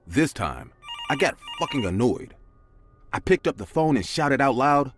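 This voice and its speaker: A man's voice: sing-song, a little slow, a bit bright, slightly rough. A man narrating a scary story in a dramatic scripted style. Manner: dramatic, with big swings of pitch.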